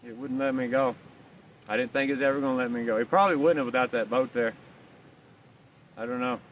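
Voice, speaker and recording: A man's voice: mid-range voice, fast talker, highs cut off. A man telling a rambling, folksy story outdoors while walking his dog, swearing casually. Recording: distant mic, faint outdoor noise.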